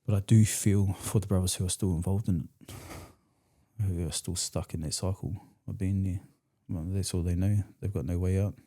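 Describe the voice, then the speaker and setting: Deep-voiced New Zealand man telling stories. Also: steady tone, normal speed, dark tone. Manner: blunt, profane, slangy. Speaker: podcast guest. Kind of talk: candid storytelling in conversation.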